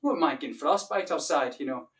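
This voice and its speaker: A man's voice: fairly high pitch, expressive, fast, a bit bright, distant mic. A man putting on a jolly stock Irish voice, greeting a lad in a folksy way. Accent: put-on Irish.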